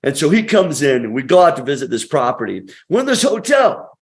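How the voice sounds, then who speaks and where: A man's voice: on the high side, very animated, a little fast. A man who is a podcast guest, telling stories in an emphatic, motivational way with punchy phrasing. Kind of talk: conversational storytelling.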